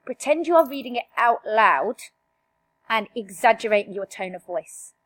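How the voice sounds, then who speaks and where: A woman's voice: on the high side, lively intonation, normal speed, fairly bright tone. A woman teaching an exam revision lesson, direct and emphatic, firing rhetorical questions at her students.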